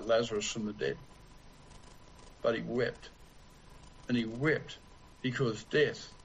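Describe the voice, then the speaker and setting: Slow, deliberate male preacher. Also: mid-range voice, slight background noise, low-quality recording. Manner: slow, deliberate delivery with long pauses. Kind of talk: sermon.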